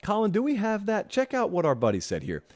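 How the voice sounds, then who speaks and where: A man hosts a solo sports talk show, addressing viewers directly. His pitch leaps around as he talks, and he leans into a dry, sarcastic edge. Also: wildly swooping pitch, fast, darkish tone. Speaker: host.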